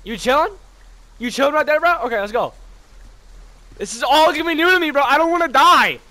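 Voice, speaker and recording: A man hosting a horror game let's-play, commentating as he goes, yelping and shouting at scares and muttering to himself in between. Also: very high-pitched, fairly quick. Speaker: gaming channel host.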